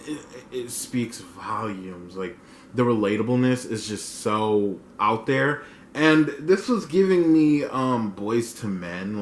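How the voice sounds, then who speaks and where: Gushing young man in an echoey room. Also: mid-range voice. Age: 20s. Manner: gushing, filler-heavy, swings loud and soft. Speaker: music reviewer. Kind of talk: casual reaction review. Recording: echoey room with faint noise.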